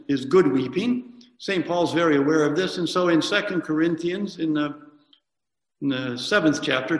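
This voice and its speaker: A man preaches a reflective sermon in a slightly higher voice, pausing often and correcting himself as he goes. His words ring through a church with a long, echoing reverb. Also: a bit bright. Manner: reflective, reads hymns aloud with pauses and self-corrections. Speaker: priest. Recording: echoey church hall from a distance.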